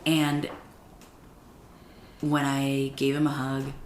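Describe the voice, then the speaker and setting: Podcast guest, woman, very deep voice, animated storyteller; echoey room with faint noise. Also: extremely slow. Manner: animated, acts out quoted dialogue. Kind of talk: personal storytelling in conversation. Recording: roomy echo with faint background noise.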